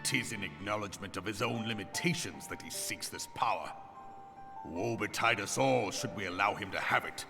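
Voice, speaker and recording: Casting: a solemn elder loremaster for a fantasy game, very low voice, archaic measured speech, game score underneath. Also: male voice, vocal fry, over music. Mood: grave. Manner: formal archaic phrasing, measured delivery. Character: grave, learned male elder explaining ancient weapons. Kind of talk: video game cutscene voice acting.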